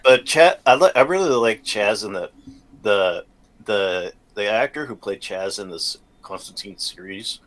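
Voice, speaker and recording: A man joining a podcast in casual chat, jumping in with quick interjections. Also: fairly low pitch, lively intonation, fairly bright tone.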